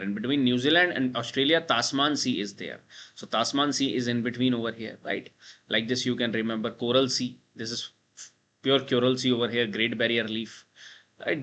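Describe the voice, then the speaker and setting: A man's voice: mid-range voice, fairly bright tone. A man with an Indian English accent, teaching a map-based exam prep lecture and drilling students with repeated checks like "right?" and "guys". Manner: repetitive, drills the listener with frequent "right?" and "guys".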